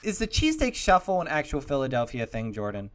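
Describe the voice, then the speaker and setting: A young man hosting a podcast, rambling through jokey hypotheticals with deadpan asides in casual chat. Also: medium pitch, fast. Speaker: podcast host.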